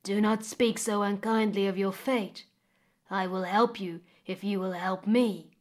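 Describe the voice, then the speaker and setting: Woman voicing a deep, watery mother crocodile. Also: steady tone, close to an everyday voice. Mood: solemn. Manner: slow, solemn.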